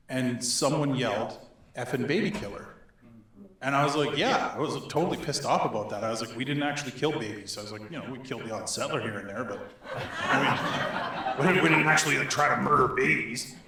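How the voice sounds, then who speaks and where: A middle-aged man from Northern Alberta telling a story to an audience, animated and laughing as he acts out the voices in it. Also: mid-range voice, a little fast, a little hiss or hum. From Northern Alberta, Canada. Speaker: speaker. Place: synagogue hall. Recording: echoey hall.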